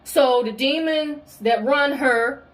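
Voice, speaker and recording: A woman with a high voice delivers a fiery, profane spiritual rant. She is confrontational throughout and swears freely. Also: slow pace. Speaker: spiritual video creator.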